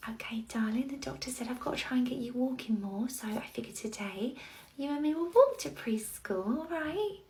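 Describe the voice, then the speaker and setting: A woman's voice: high voice, animated, moderate pace, a little mellow. A woman playing a flustered young mother, pleading with and soothing her toddler. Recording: roomy echo, faint noise.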